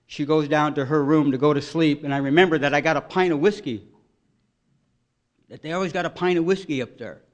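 At a recovery meeting, a man gives an earnest, emotional personal testimony, his voice swelling loud at its peaks. He speaks fairly quickly and a little high.

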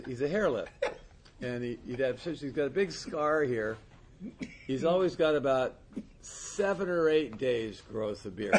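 A man acting as a recovery sponsor, telling a casual anecdote, laughing often and stumbling over repeated words. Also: mid-range voice.

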